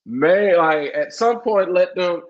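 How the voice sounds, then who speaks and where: A man co-hosting a casual wrestling podcast, excitable and joking, with a dull lo-fi sound. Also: high voice, slow pace. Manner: excitable, lively, jokes and shouts. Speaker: podcast co-host.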